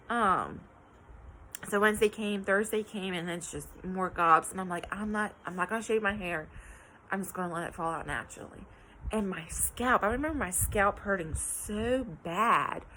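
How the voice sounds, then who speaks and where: Chatty bright-voiced young woman vlogger. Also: mid-range voice, a little hiss or hum, low-quality recording. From West Virginia. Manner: chatty, many ums and likes, acts out quotes. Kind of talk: casual personal vlog.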